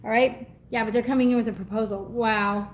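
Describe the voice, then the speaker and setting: A woman giving a live energy reading in a chatty, effusive way, laughing often and going soft and teary when moved. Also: on the high side, fairly even intonation, fairly quick, slight background noise. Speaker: tarot reader.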